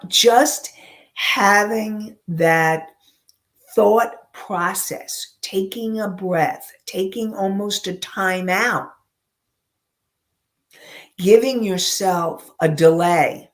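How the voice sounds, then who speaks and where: Slow, deliberate woman coach. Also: medium pitch. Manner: slow, deliberate, with pauses and personal examples. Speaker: emotional intelligence coach. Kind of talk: teaching talk.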